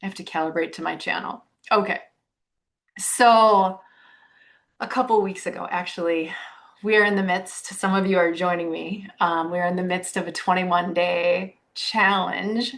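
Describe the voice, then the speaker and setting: A woman coaching on a live stream, bubbly and excitable, greeting viewers as she walks outdoors and talks into a phone. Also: lowish voice, normal speed, gravelly. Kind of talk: casual live-stream talk. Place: outdoors on a walk.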